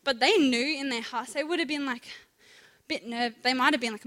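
Young woman, youth speaker, high-pitched and chatty, caught in a reverberant hall. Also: moderate pace. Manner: chatty, animated, acts out voices. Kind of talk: casual youth talk on scripture. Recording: echoey hall.

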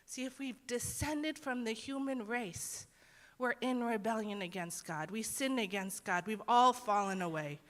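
A woman's voice: a little high, a little slow, fairly bright tone. A young woman teaching a Bible lesson in a casual, earnest way, acting out the quotes she tells. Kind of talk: conversational sermon. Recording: long hall reverb.

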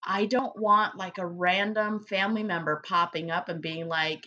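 A woman co-hosting a casual chat, telling stories in an animated, profane way and acting out what people said. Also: on the low side, moderate pace. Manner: animated, profane storyteller who acts out quotes.

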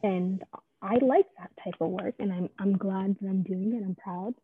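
A woman's voice: medium pitch, steady tone, moderate pace, a little hiss or hum. A young woman in her late teens, chatting casually as an interviewee, rambling with lots of fillers and joking at her own expense. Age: young adult. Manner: rambling, filler-heavy, self-deprecating. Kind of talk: casual chat. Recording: dry tinny phone-like line.

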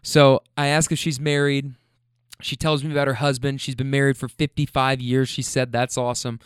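In a dry, clean studio recording, a male rideshare driver laughs and swears his way through casual stories about his passengers. His voice sits at a medium pitch with a clear, resonant tone, and he speaks at a normal speed. The whole thing comes across as animated and profane.

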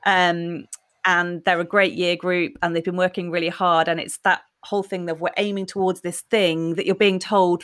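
A woman's voice: lowish voice, little pitch movement, a little fast, fairly bright tone. A woman in her forties, talking reflectively and candidly in a podcast conversation.

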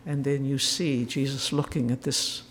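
A man giving a reflective spiritual retreat talk, telling stories gently with soft asides. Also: medium pitch, steady tone, moderate pace. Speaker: retreat speaker. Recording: roomy hall with faint noise.

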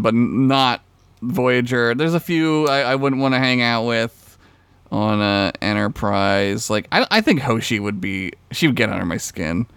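A man's voice: mid-range voice, a bit bright, clean tone, dry recording. A man co-hosting a podcast in casual chat, laid-back and swearing freely. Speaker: podcast co-host.

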